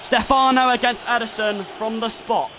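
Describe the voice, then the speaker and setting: A man commentating his own football video game live, muttering play-by-play and swearing and yelling when things go wrong. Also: very high voice, steady tone, moderate pace, noisy background.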